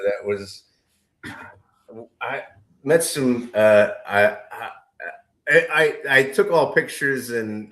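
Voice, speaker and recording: A man's voice: fairly low pitch, fairly bright tone. A man co-hosting a casual podcast chat, rambling with many fillers and restarts. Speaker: podcast co-host.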